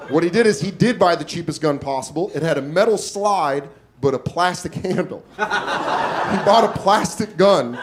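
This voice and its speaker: A man in his forties doing stand-up, telling a story in a loose, profane, self-mocking way with quick asides. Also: high-pitched, animated, noisy background. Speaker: stand-up comedian. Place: comedy club stage. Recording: live club with loud crowd laughter.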